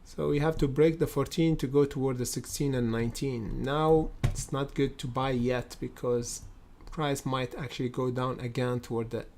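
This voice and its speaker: A man's voice: mid-range voice, steady tone, normal speed, few pauses, darkish tone, slight background noise. A man hosting a live trading stream, thinking aloud with many fillers and repeated phrases, and addressing viewers as guys and brother. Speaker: day-trading livestream host. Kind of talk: live market commentary.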